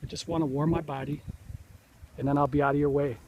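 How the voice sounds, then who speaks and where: A man's voice: fairly high pitch, level tone, fast, muffled recording, noisy background, close to an everyday voice. A man voicing a sly, coaxing snake. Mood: pleading. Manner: coaxing, then coldly blunt. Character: smooth-talking sly male snake. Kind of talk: told storybook fable.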